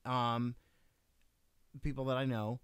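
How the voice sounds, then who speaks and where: Guy on a podcast telling stories, dry deadpan delivery, no room sound at all. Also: mid-range voice, slow pace, clean tone, no echo. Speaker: podcast co-host. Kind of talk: casual banter.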